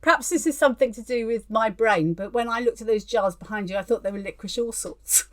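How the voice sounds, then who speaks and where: A London woman with a fairly high, slightly bright voice talks fast while co-hosting a relaxed crafting chat over video call. A fibre artist, she is chatty, self-deprecating and laughs often.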